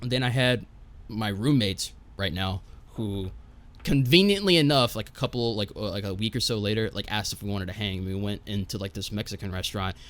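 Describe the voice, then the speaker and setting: A man's voice: on the low side, brisk. A young man, a podcast guest, telling a casual story in a rambling, profane way and tagging his lines with "right?".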